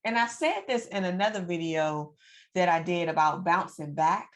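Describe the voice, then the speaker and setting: A woman telling a personal story to her viewers in a lively, preacherly way, repeating phrases for emphasis. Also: on the low side, normal speed. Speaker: financial coach and vlogger. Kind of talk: casual storytelling to camera.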